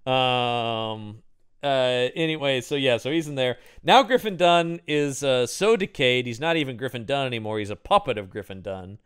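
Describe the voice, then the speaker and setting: Lively, animated man in casual chat. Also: medium pitch, smooth. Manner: animated, laughs often, acts out movie lines in quick voices. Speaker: podcast co-host.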